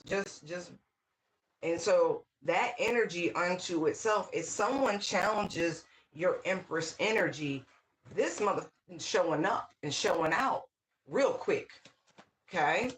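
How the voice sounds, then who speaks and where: An excitable tarot reader gives a casual channeled reading, speaking straight to the viewer at a middle pitch. The delivery bursts into exclamations, repeats words for emphasis and keeps checking in with "right?" A faint hiss sits under the voice. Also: slow pace, poor audio. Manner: talks straight to the viewer, often asking "right?".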